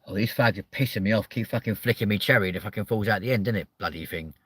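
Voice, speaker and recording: A man, hosting a live chat show with loud, sweary, joking banter. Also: lowish voice, quick pace, breathy edge, no echo. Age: 30s.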